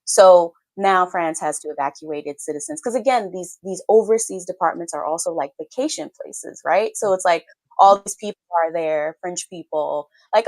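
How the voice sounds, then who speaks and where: On a morning show, this co-host explains the headlines with a dry wit and plenty of filler words, chatting casually about politics. Her fairly low, slightly mellow voice runs at a moderate pace with hardly any pauses, and the recording is dry.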